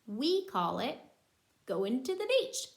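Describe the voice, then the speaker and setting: A woman's voice: on the high side, very animated, slow, gravelly. A young woman reading a picture book aloud to young children as a teacher, in a sing-song way, stopping to explain words and make bird calls.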